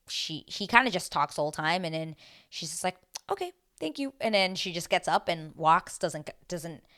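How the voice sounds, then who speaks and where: A woman hosting a reality TV recap, talking casually to a camera she filmed herself with, animated and swearing freely. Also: deep voice, clear, resonant tone. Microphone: self-filmed camera.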